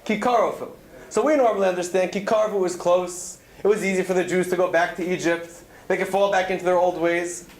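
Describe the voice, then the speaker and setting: Earnest man, fairly high voice, storytelling Torah talk, roomy hall echo. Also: steady tone, brisk. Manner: earnest storytelling, weaving in Hebrew terms. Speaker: speaker at a student event. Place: event hall.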